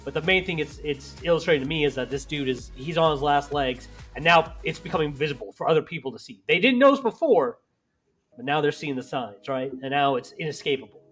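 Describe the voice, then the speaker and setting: A man hosting a casual TV recap podcast, talking in an animated, slangy, joking way. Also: fairly high pitch, fast, hardly any pauses, slightly rough, faint music behind. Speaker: podcast host.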